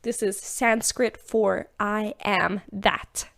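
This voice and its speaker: A young woman hosting a podcast, talking casually about spirituality in a chatty, animated way, with lots of fillers and frequent laughs. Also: mid-range voice, takes it slowly, creaky. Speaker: podcast host.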